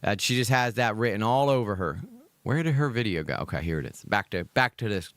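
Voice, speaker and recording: A man from Georgia in the US, filling in as host of a live reaction stream, talking in a profane rant that swings to loud outbursts. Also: fairly low pitch, expressive, a little fast, no echo. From Georgia, USA.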